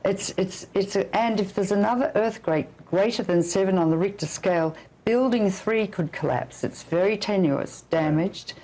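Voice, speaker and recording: A woman's voice: medium pitch, moderate pace, hardly any pauses, warm tone, rough recording. An older woman physician giving an interview, talking emphatically and issuing blunt warnings. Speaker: physician and anti-nuclear campaigner. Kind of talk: interview guest.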